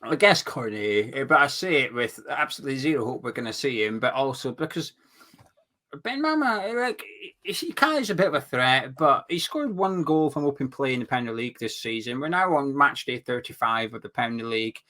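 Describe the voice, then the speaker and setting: Bright-voiced football podcaster. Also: male voice, mid-range voice, animated. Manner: chatty, opinionated, quick restarts. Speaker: podcast co-host. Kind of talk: casual football chat.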